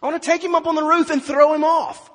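A preacher acting out an indignant older brother. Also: male voice, high-pitched, expressive, a little slow, breathy edge, long reverb tail, exaggerated voice. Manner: loud, indignant, exasperated outbursts. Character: bitter, resentful hardworking older brother, young man.

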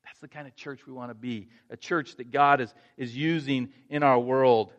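A man's voice: medium pitch, steady tone, normal speed, muffled recording. A male pastor preaching a sermon, earnest, restarting phrases and rising to emphatic points.

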